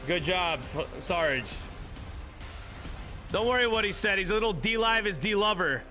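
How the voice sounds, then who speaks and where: A man's voice: sits high, lively intonation, a little slow, bright, forceful tone, faint music behind. A man live streaming, ranting at his chat with heavy swearing, mocking viewers and laughing often. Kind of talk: profane rant at live chat.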